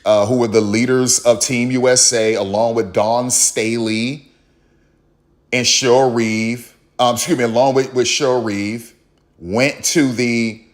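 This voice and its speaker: Heated man ranting about sports. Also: mid-range voice. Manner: heated, repetitive, emphatic, acts out others in quotes. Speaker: commentary channel host. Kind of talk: opinionated sports commentary monologue.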